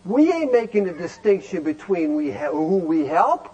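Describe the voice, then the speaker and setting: A man speaking to a recovery group in an animated lecture, firing rhetorical questions and sometimes shouting. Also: high voice, moderate pace, dull audio.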